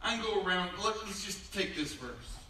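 A middle-aged pastor's high-sitting, sharp, animated voice moves at a moderate pace as he delivers a conversational sermon with humorous stories and acted-out voices. It's recorded from a distance in an echoey church sanctuary, with slight background noise.

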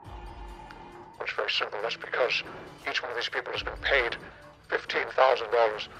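A man voicing a sinister male Jigsaw-style captor who lays out deadly rules in a slow, hushed, menacing monologue. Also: mid-range voice, steady tone, soft background music, pitched below the performer's own voice, lightly acted, low-quality recording. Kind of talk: mock horror-movie monologue.

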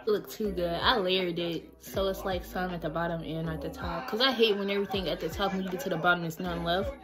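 A woman's voice: fairly low pitch, steady tone, fast talker, music in the background. A young woman talking casually in a vlog, reflective and chatty, filling her talk with "like". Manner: chatty, many "like" fillers, reflective. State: out of breath. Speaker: vlogger.

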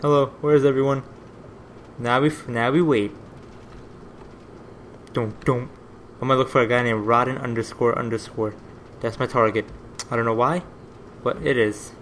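Rambling excitable gaming commentator, man. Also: mid-range voice, moderate pace, pauses often, slight background noise. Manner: rambling, easily excited, swears. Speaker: gaming video host. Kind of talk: let's play commentary.

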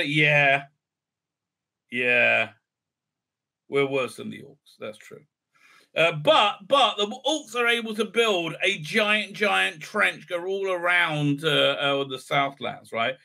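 Sarcastic man ranting, bright voice. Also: fairly high pitch. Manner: sarcastic, profane, rambling with many fillers. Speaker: video reviewer. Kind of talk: sarcastic solo review rant.

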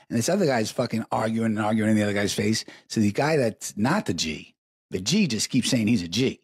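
Man, middle-aged, live show host, profane rambling stories, stoned, low-pitched, raspy. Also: sing-song, fast, dry recording, studio quality. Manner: profane, rambling, emphatic repetitions. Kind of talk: crude stream-of-consciousness storytelling.

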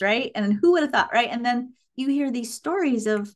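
A middle-aged woman chatting as a podcast guest, telling stories in an animated way and acting out what people said. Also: fairly high pitch, normal speed, few pauses. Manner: animated storytelling, acts out quotes. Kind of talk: casual podcast chat.

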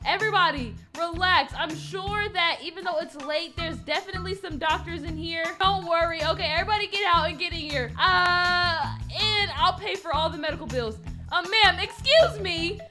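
A woman's voice: extremely high pitch, normal speed. A woman narrating a game roleplay in a playful, dramatic, mischievous way. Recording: clear background music under voice. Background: background music.

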